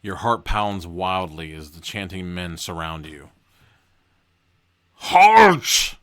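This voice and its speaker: Man, podcast host, low voice, casual read-aloud, joking asides. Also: fairly even intonation, unhurried, bright, forceful tone.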